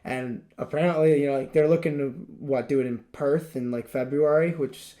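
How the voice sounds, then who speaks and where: A man's voice: on the high side, steady tone, normal speed, dark tone. A young man co-hosting a podcast, talking in a rambling, emphatic casual way with lots of fillers. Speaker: podcast co-host. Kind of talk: casual chat.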